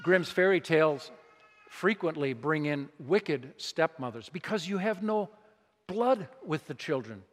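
A man with a fairly high voice delivers a sermon, talking with his congregation rather than at them. He leans on emphasis and throws out rhetorical questions. His voice rings out with the long reverb of a large church hall. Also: animated, unhurried. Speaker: preacher.

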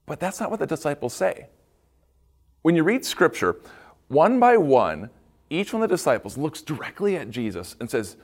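A man speaking as a pastor, giving a devotional talk for children and adults in an animated storytelling way, often repeating words and adding playful asides. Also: on the high side, moderate pace, long pauses.

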